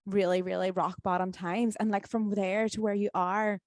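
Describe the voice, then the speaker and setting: A woman's voice: medium pitch, level tone, moderate pace, a little mellow, no echo. A woman, hosting a podcast and encouraging her guest in casual chat. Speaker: podcast host.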